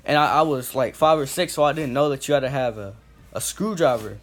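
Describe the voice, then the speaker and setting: A young man telling a casual story, rambling with lots of "like" and "boom", getting loud and then quiet as he acts out scenes. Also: brisk. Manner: swings from loud to quiet when acting out scenes.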